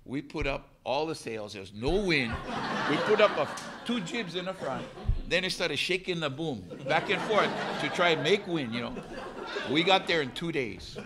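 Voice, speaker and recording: Gravelly man telling a story. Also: medium pitch, slight background noise. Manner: animated storyteller, laughs and acts out voices. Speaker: canoe crew member. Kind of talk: storytelling talk.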